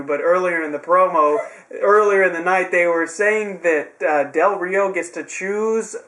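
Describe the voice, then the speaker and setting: A man's voice: high voice, fairly bright tone. A young man casually recapping a wrestling show, rambling with sarcastic asides.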